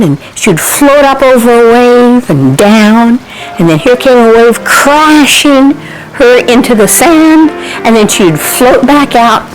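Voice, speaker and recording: A woman telling a Bible-themed children's story, animated, asking her listeners questions and hushing her voice for suspense. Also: fairly high pitch, low-quality recording.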